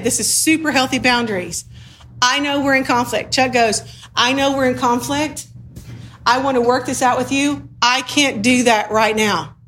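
A woman's voice: high voice, a bit bright, a little hiss or hum. A woman preaching a sermon in a conversational, humorous way, acting out little dialogues as she teaches.

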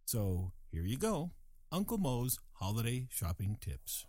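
An older man hosting a scripted comic monologue with a wry, deadpan edge. His pitch moves a lot as he teases the listener. The sound is close and dry, with no room in it. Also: a little slow, dry recording. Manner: dry, wry delivery with playful voices. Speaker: comedic host.

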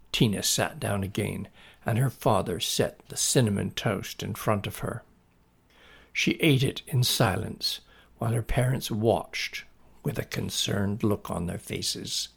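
A man reading a children's story aloud at a slow, deliberate storybook pace. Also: on the low side, creaky, slightly rough.

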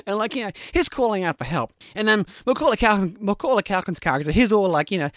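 A young man with a high, light voice tells a story in a loose, animated ramble, full of "like" and "you know." His voice rises and falls as he talks. The recording is dry, with no room sound. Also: fairly quick, dry recording. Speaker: podcast talker recapping films. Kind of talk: casual chat.

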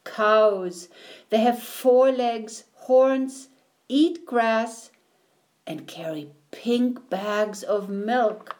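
A woman's voice: fairly high pitch, darkish tone. A woman voicing a boastful young male frog in a children's picture book read aloud, speaking with proud emphasis. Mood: telling. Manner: proud, emphatic, drawn-out words.

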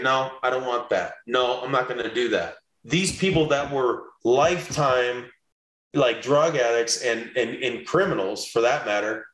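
A man's voice: medium pitch, fairly bright tone. A young man in an interview, earnestly telling a personal testimony and acting out the voices of people he quotes. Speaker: interview guest. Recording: roomy echo.

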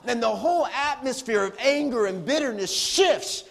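High-pitched pastor guy, middle-aged, animated sermon story, acts out the quotes. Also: moderate pace, creaky.

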